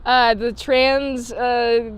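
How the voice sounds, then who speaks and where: A high-voiced woman recaps a TV episode in a casual, chatty way. She sounds amused, laughs often, and leans on loose fillers. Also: flat delivery, drawn-out words, smooth. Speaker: TV episode reviewer.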